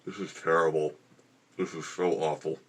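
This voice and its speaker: A man with a rumbling low, steady voice, slightly rough and at a moderate pace, vlogs to camera at home in a room with a gecko habitat. He groans and complains as he suffers through a very spicy meal.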